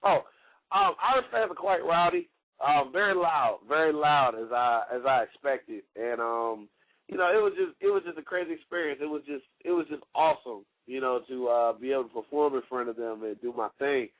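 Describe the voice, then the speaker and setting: A wrestler guest on a radio show tells stories casually and ramblingly, his talk full of "you know" and "like." His mid-range voice moves a little fast. It comes over a tinny, dry phone line with no room sound.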